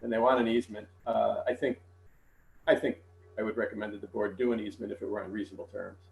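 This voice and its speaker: A man's voice: lowish voice, level tone, creaky, a little hiss or hum. Blunt man on a roomy call. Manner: blunt, frank, measured. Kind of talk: meeting report. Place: online meeting.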